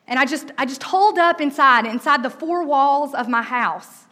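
Woman storyteller, bright, slightly high voice, casual with fillers. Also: normal speed. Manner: lively, conversational, with frequent "um" and "like". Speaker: speaker telling a personal story. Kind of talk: personal storytelling talk.

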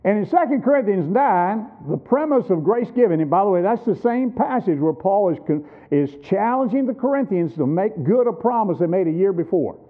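Older guy in his 60s preaching, lively up-and-down voice, kinda high, sounds like it's over a phone line. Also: normal speed, few pauses. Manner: emphatic, teaching with rhetorical questions. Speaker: visiting preacher at a missions conference. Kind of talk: sermon. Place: church.

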